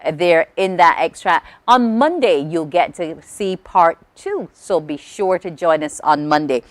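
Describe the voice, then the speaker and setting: A woman's voice: lowish voice, measured pace, no room sound. Woman, morning show host, upbeat sign-off, dry close studio sound.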